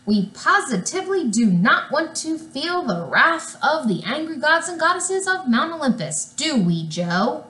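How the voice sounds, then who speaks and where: A woman's voice: high voice, sing-song, a little slow, hardly any pauses, bright, forceful tone, echoey room, pitched above the performer's own voice, exaggerated voice. A woman voicing a nervous, wisecracking young boy.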